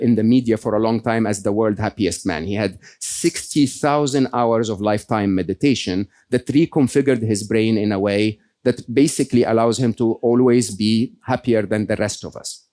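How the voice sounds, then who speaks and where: A man giving a motivational stage talk to a live audience, animated and often checking in with "okay?" and "right?". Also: mid-range voice. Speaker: guest speaker.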